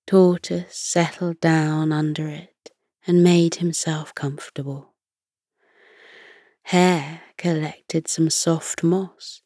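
A woman narrating a soothing bedtime story in a soft, hushed voice that often slips into a whisper. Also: low-pitched, dry recording, studio quality.

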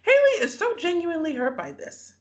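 A podcast co-host casually recapping a show, telling the story with animated retellings and frequent laughter. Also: extremely high pitch, brisk, highs cut off. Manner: animated storytelling, acts out quotes, laughs often.

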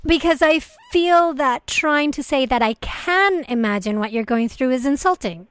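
A woman's voice: high voice, expressive, unhurried, no echo. A woman hosting a podcast, asking questions thoughtfully and respectfully, sometimes hesitating. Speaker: podcast host. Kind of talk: podcast interview conversation.

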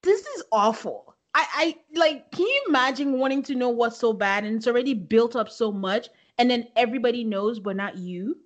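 A young woman co-hosting a podcast, recapping a reality show in a casual, animated way and acting out quotes with laughs. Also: fairly high pitch, normal speed, few pauses, lo-fi sound. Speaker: podcast co-host.

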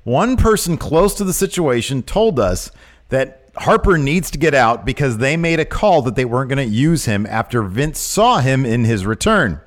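A man co-hosting a casual wrestling news podcast, talking with animated and outraged emphasis. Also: mid-range voice, normal speed. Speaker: podcast co-host.

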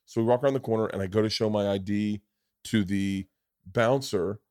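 A young adult comedian telling a story in casual podcast chat, jumping into high voices to act out the people he quotes. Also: brisk, no room sound, clean studio sound. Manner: animated, jumps to high pitch acting out quoted people. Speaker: comedian guest.

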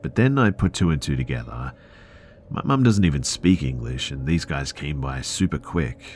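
A man narrating listener stories for a horror podcast in a measured, earnest storytelling way. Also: a bass voice, expressive, a little mellow, slight background noise.

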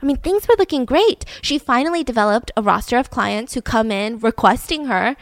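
Woman host, kinda high voice, dry mic, chatty storytelling w/ some swearing and laughs. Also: lively intonation, fairly quick, dry recording. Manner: chatty, swears casually, laughs between points. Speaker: podcast host. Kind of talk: casual true-crime storytelling.

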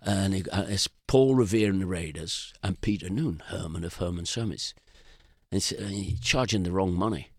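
An older English man spins anecdotes in a loose, meandering way. He often stops and restarts mid-sentence. His voice sits a little low and sounds dry and close to the mic. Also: moderate pace, darkish tone, no room sound. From England. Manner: rambling anecdotal storyteller, frequent restarts. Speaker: guest musician. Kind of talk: casual storytelling interview.

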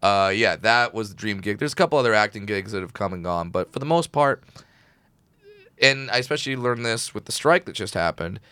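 Male comedian guest, smooth voice on the low side, dry close sound, lively anecdotes. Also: brisk, no room sound. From Southern California. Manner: animated storyteller, acts out quotes. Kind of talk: casual interview chat.

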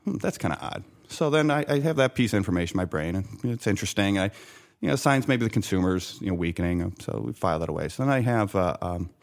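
Animated storytelling man, lower voice. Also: fast talker. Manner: animated anecdote teller, acts out quoted voices, many restarts. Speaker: guest, former bank sales desk worker. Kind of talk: conversational storytelling.

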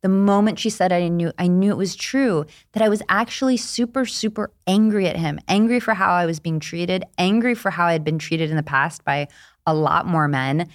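A woman's voice: lowish voice, normal speed. A woman author as an interview guest, telling personal stories candidly and acting out quoted lines. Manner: candid storytelling, animated, acts out quotes. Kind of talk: casual interview chat.

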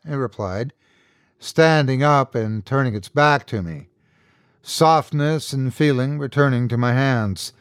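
Man, horror story narrator, first person, deliberate, dry close recording. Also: mid-range voice, animated, dry recording. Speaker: host and narrator.

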